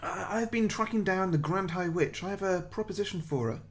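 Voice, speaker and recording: A man voicing a clever, cornered woman who bargains urgently and stammers a little, in a podcast story pitch. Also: a little fast, lightly acted.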